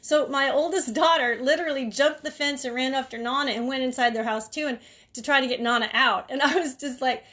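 A woman's voice: sits high, brisk, fairly bright tone. A woman caregiver talking casually and sharing advice, chatty with many asides and fillers. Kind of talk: casual storytelling talk.

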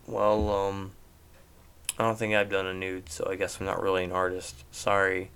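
A man's voice: on the low side, moderate pace, smooth. Rambling young man recapping a movie. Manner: rambling, animated, laughs at jokes. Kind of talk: casual movie recap commentary.

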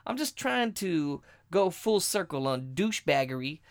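A man hosting a podcast, telling a story as a crude, animated rant. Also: on the high side, unhurried. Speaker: podcast host.

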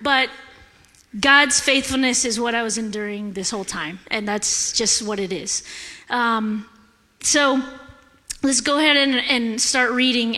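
A woman giving a sermon in a church, candid and animated, laughing often as she talks. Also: on the high side. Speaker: guest preacher. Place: church sanctuary. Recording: echoey hall.

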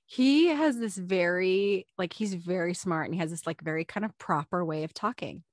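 A young woman co-hosting a chatty podcast, telling funny stories in a giggly, animated way. Her voice sits in a middling register and sounds close and dry, with almost no room around it. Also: fairly low pitch, normal speed, no room sound. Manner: giggly, animated storyteller acting out quotes. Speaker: podcast co-host. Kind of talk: casual chat, reading listener stories.

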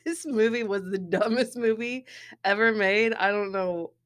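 A woman's voice: mid-range voice, unhurried, fairly bright tone, smooth. A woman co-hosting a podcast, chatting casually through a movie-trivia game and laughing often. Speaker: podcast co-host.

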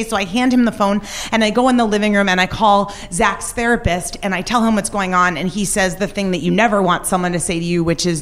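A woman's voice: mid-range voice, fairly even intonation, fast. A woman telling a personal story on stage, candid and confessional in an everyday conversational way. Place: stage at a live show.

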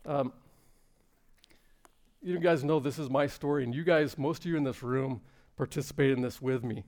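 Guy preaching to a room full of people, fervent and earnest, kinda gravelly. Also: mid-range voice, moderate pace, darkish tone. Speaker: pastor. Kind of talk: sermon. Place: room with a congregation.

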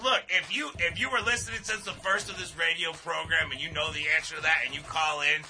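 A man co-hosting a radio call-in show, bantering crudely and laughing loudly. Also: a little high, steady tone, brisk, vocal fry, a little hiss or hum. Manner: loud, laughing, swearing.

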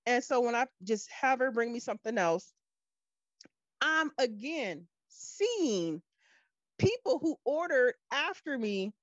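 A woman with a high voice tells a story in casual podcast chat and acts out each person's lines. The recording is dry and slightly dull. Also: slow pace, no room sound. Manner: animated storyteller, acts out quoted people. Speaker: podcast co-host.

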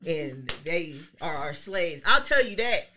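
A woman with a bright, forceful voice tells a story on a podcast, blunt and profane. She slips into the voices of the people she quotes. Her tone stays sharp and pointed. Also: sits low, big pitch swings, slow. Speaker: podcast guest; business owner. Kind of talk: casual podcast chat.

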